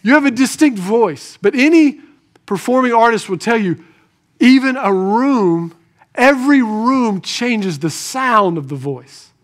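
A pastor with a strikingly high voice delivers a sermon to his congregation in an animated, unhurried way. His delivery moves between quiet, reflective asides and raised, emphatic lines, and he repeatedly poses rhetorical questions to the room.

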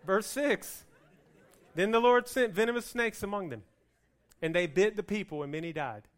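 High-voiced animated male preacher. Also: normal speed. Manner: animated preaching, swings from loud to hushed; plays out the people's complaints in a whiny voice. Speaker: pastor. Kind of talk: sermon.

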